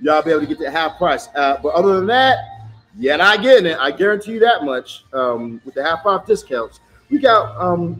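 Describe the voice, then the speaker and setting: A man chatting casually on a live stream as a tarot reader, pitching spells in a loose, salesy way full of fillers. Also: big pitch swings, normal speed, fairly bright tone, soft background music, poor audio.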